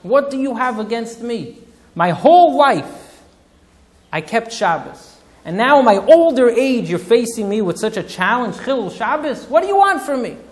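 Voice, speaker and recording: A man's voice: extremely high pitch, big pitch swings, normal speed, voice pushed up. A male rabbi voicing an anguished older man who cries out to God in a wailing, pleading voice.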